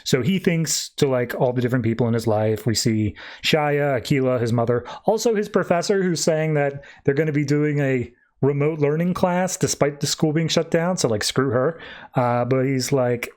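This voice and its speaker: A man's voice: medium pitch, moderate pace, a little mellow. A man hosting a podcast, recapping a comic in an offhand, wry way with casual swearing. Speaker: podcast host.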